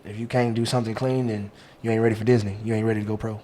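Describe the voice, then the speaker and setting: A man's voice: fairly low pitch, flat delivery, racing, warm tone. A man, a guest comic chatting in a laid-back way. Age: 20s. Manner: laid-back, keeps asking "you know what I'm saying". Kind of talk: casual chat.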